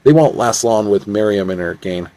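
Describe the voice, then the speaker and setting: A man's voice: on the low side, expressive, normal speed, mellow, dry recording, lightly acted. A man voicing a tough, sarcastic young woman in a stilted read-aloud way.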